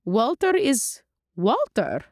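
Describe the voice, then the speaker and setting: A woman's voice: a little high, wildly swooping pitch, no room sound, studio quality, voice pushed up, full character voice. A woman voicing a doting ancient vampire woman. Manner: slow, stilted, formal English without contractions. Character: ancient, doting female vampire with stilted speech.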